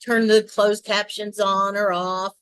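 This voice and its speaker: Southern woman co-host, meandering explainer, mid pitch, dry close sound. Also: little pitch movement, measured pace, fairly bright tone, clear, resonant tone, no room sound. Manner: rambling, explaining, many restarts and asides. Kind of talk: casual chat.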